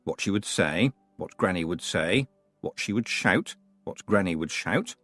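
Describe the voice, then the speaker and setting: Expressive male audiobook narrator, husky. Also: low-pitched, a little slow, no room sound, faint music behind. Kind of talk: scripted narration.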